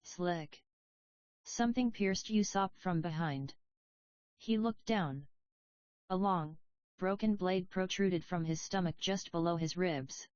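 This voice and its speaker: A woman narrating a story audiobook in an even, measured reading voice. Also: on the low side, no echo. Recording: dry, slightly dull audio.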